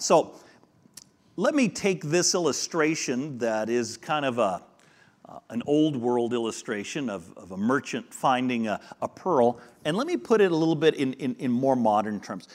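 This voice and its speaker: A man preaching a sermon, explaining a parable and acting out the dialogue of a modern retelling. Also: on the high side. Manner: animated storyteller acting out dialogue. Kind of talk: sermon with storytelling.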